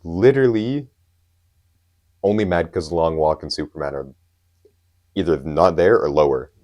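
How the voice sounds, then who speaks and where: Young guy w a really low voice, podcast cohost, hyped up fan chat. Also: normal speed, a little mellow. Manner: enthusiastic, emphatic fan talk. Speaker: podcast co-host. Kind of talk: casual chat.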